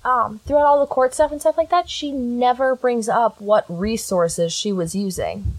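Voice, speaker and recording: A young woman podcast host, her voice on the high side and her pace normal, walks through a case in a casual chat captured in a dry recording. When she reads out quotes, her sarcasm is blunt.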